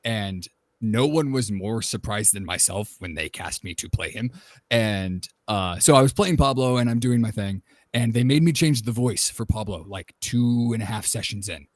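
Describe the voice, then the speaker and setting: A man, a voice actor on a panel, telling a relaxed and enthusiastic story about his work. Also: lowish voice, normal speed, no room sound. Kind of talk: casual panel talk.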